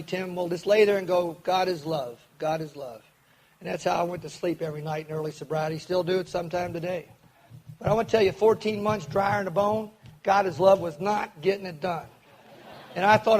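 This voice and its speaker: A man's voice: sits high, a little mellow, poor audio. An older man from Kentucky, telling his recovery story to a meeting audience in an earnest way. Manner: earnest, acts out quoted voices, speeds up and slows down.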